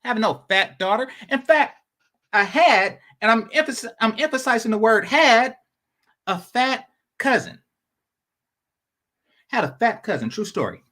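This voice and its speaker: A male commentator talks bluntly and mockingly. His voice is bright and sharp, and his pitch rises and falls in lively swings. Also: moderate pace. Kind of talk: reaction commentary.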